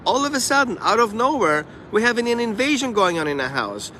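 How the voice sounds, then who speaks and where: Brief: animated male dog trainer, bright voice, talking outside with faint traffic behind him. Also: high voice. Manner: animated, acts out the dog and owners in quick asides. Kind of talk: casual live stream monologue.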